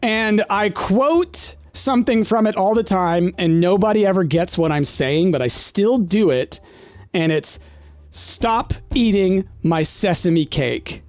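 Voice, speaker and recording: Guy in his 30s rambling on about old toys while gaming, kinda high voice, dry close mic, bit of music under it. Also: expressive, unhurried, no echo. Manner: rambling, nostalgic, many fillers. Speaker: gaming streamer. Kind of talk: casual chat while playing.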